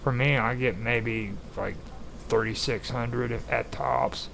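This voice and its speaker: A man's voice: mid-range voice, fairly even intonation, slow, creaky, fairly bright tone, low-quality recording. A man hosting a live stream in casual tech chat, rambling loosely with lots of filler words. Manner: loose, rambling, heavy use of "frickin'" and "like".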